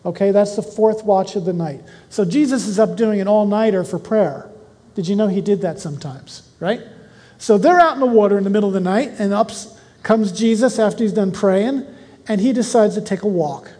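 A Bible teacher who reads scripture slowly, then explains it in a chatty way and asks the listeners questions. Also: medium pitch, mellow. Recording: long hall reverb.

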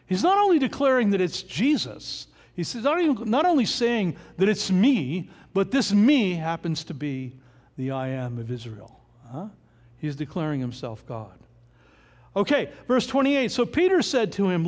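Man, preacher, lively swooping voice, high pitch, reverberant hall. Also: moderate pace. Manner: expressive, rhetorical questions, reads scripture aloud. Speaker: pastor. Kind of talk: sermon.

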